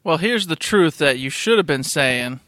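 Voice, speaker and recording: A man's voice: on the high side, lively intonation, normal speed, a bit bright, no echo, studio quality. A man hosting a podcast, chatting casually in a playful, teasing way. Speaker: podcast host. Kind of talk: casual chat.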